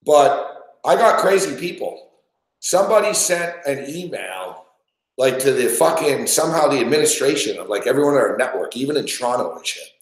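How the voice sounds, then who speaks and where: A man's voice: mid-range voice, big pitch swings, moderate pace. A man hosting a podcast, telling a rambling story in casual chat with lots of swearing. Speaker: podcast host. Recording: roomy echo.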